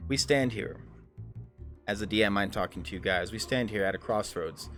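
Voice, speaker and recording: A man serves as game master for a tabletop game, narrating while rambling with lots of fillers and restarts. His lowish voice is steady and fairly bright, his pace moderate, and faint music plays behind him.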